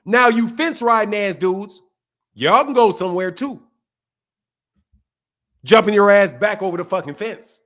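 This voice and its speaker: A man hosting a boxing channel stream, giving heated, mocking commentary with drawn-out emphasis. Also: high-pitched, fairly bright tone.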